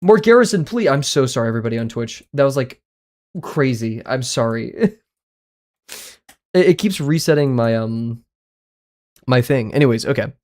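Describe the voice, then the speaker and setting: A man streams live and talks to his viewers in a loose, casual way. His verdicts come out blunt and offhand, and he is quick to throw in a sorry. His pitch sits in an ordinary middle range. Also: darkish tone. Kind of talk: casual livestream chatter.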